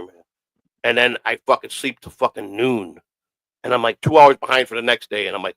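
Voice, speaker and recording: A man's voice: mid-range voice, fast, fairly bright tone, dry recording, low-quality recording. A man casually telling rambling, profanity-heavy stories on a streamed talk show, often repeating himself. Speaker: podcast host. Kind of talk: casual storytelling.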